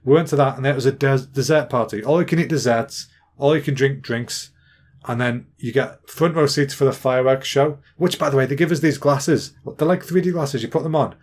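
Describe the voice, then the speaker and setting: An English podcast host in his thirties tells rambling, jokey stories in a casual monologue. His voice is mid-range and a little fast.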